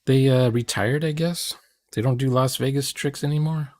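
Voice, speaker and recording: A man co-hosting a stream who talks slowly and rambles in casual chat. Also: mid-range voice, steady tone, a little mellow, dry recording. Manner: slow, rambling talker. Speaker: stream co-host.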